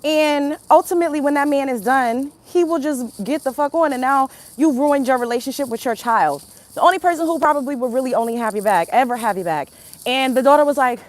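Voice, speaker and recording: A woman's voice: high voice, brisk. A woman hosting a casual livestream, chatting with viewers, greeting them by name and giving her opinions. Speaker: host of a livestream talk show.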